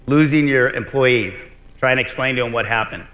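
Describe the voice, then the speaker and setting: A man's voice: medium pitch, normal speed, sharp tone. A middle-aged man giving a conference keynote as a restaurant owner, telling his story bluntly and animatedly, with some swearing. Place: large convention hall. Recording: long hall reverb.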